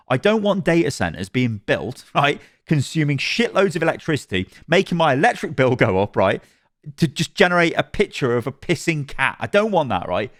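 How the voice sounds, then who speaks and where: Rambling, animated gaming commentator man. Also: mid-range voice, no room sound, clean studio sound. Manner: animated and rambling, with frequent laughter and repeated restarts. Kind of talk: reacting to and reading aloud a game review.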